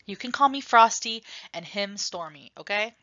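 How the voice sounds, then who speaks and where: A woman voicing Frosty, a calm teen gunman. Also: mid-range voice, moderate pace, no echo, lo-fi sound. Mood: calm, firm. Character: older teenage boy gunman, calm and commanding.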